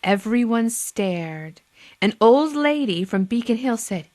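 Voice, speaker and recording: A woman's voice: on the high side, expressive, slow, darkish tone. A woman teacher with a Boston accent reading a picture book aloud to young children, with playful asides to them.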